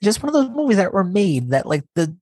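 A man's voice: high voice, sing-song, darkish tone, dry recording. A man co-hosting a podcast in casual chat, teasing and scolding his co-host. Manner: teasing, scolding, quick to push back.

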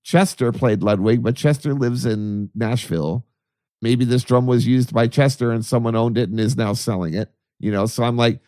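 Animated storytelling man, dry sound. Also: medium pitch, normal speed, no room sound. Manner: animated, laughing, acts out his own excited voice. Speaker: podcast co-host, archivist. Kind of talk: casual storytelling.

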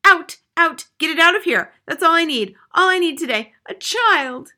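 A woman's voice: extremely high pitch, lively intonation, normal speed, pushed and bright, pitched above the performer's own voice, heavily acted. A woman voicing a hysterical bedridden older woman who shrieks and wails. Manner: shrieking, wailing.

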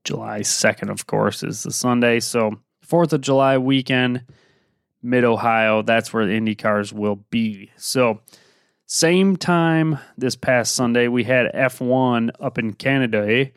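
A man hosts a motorsport podcast and talks through the weekend's results in a loose, rambling way, full of ums and uhs. His voice is smooth and clear at a middling pitch. It sounds close and dry, with no room around it. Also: measured pace, no echo. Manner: relaxed, rambling with many fillers. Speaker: podcast host. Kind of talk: casual motorsport recap.

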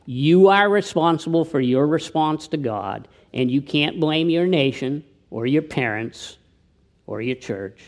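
A man's voice: fairly high pitch, animated, unhurried. Earnest man preaching a sermon. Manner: earnest preaching, drops to a hushed, quiet tone for appeals; tells anecdotes, with slips and restarts. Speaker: pastor.

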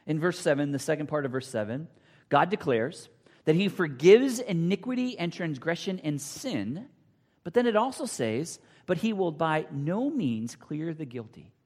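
Emphatic male preacher in reverberant hall. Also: a little high. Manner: emphatic, repeats phrases, drops to near whispers. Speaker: pastor. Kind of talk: sermon.

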